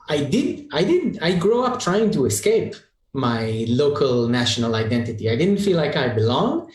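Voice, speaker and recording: A man from Israel, an improv performer on a panel, talking in a thoughtful, halting way with restarts. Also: fairly high pitch, a little mellow. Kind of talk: panel discussion. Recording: echoey room.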